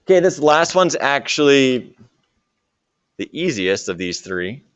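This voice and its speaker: A man's voice: medium pitch, sing-song, slow, a bit bright, clean tone, no room sound, highs cut off. A man teaching a math lesson to a classroom and joking with his students as he works through problems. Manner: jokey, talks to students while working problems. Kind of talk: classroom lecture.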